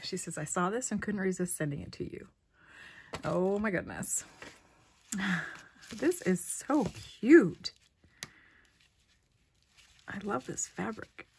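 A woman hosting her craft channel, chatting casually and gushing as she opens mail, often dropping into soft whispers. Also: medium pitch, normal speed, creaky, pauses often, a little hiss or hum. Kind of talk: casual unboxing vlog.

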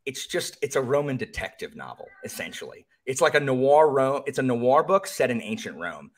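A man's voice: mid-range voice, big pitch swings, normal speed. A man, a podcast guest, chatting casually and animatedly, often jumping into mocking voices.

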